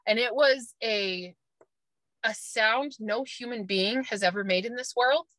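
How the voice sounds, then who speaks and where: A woman's voice: on the high side, unhurried, pushed and bright, dry recording, rough recording. A woman in her thirties, a mother, telling an emotional personal story with earnest intensity and nervous laughs. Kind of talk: personal testimony.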